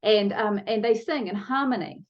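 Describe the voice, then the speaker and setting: A woman's voice: mid-range voice, moderate pace. Upbeat woman coaching viewers, lo-fi sound. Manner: lively, talks to viewers directly, shifts pace for emphasis. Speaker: online challenge coach. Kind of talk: motivational video lesson.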